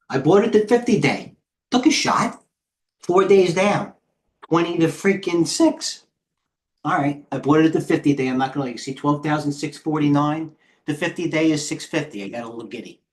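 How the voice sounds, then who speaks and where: A middle-aged man hosting a live trading stream, tired, rambling off the cuff as he jumps between stock tickers. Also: medium pitch. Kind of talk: live market commentary.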